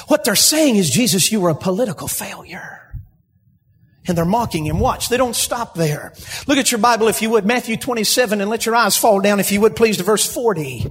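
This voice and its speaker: High husky preacher man in a hall. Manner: preaching with rising, shouted emphasis. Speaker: pastor. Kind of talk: sermon. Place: church sanctuary. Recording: long hall reverb, husky.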